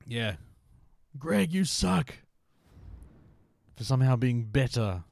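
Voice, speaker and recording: A man's voice: mid-range voice, animated, takes it slowly, vocal fry, darkish tone, no room sound. A man streaming a motorbike game, chatting playfully with viewers and dropping into whispers now and then. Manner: playful, teasing chat with viewers, drops into whispers. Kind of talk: casual live-stream chat.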